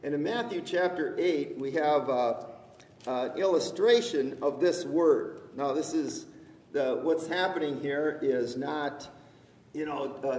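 This sermon comes from a pastor whose voice is a bit high for a man and a little mellow. He takes his time, stumbles into fillers and restarts often, and keeps a gently humorous, conversational tone. Recorded from afar in a church sanctuary, it rings with long hall reverb.

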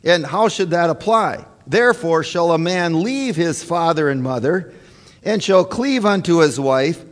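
A man preaching a sermon as pastor, slow and emphatic, with frequent "uh" and "um" fillers. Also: on the high side, lively intonation, big-room sound.

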